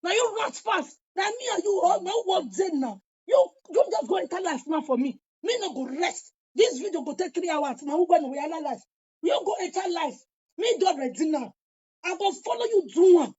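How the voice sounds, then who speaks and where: Nigerian woman going off in an angry taunting rant, super high voice, dull lo-fi sound. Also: expressive, brisk. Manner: heated, taunting, sometimes shouting. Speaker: vlogger.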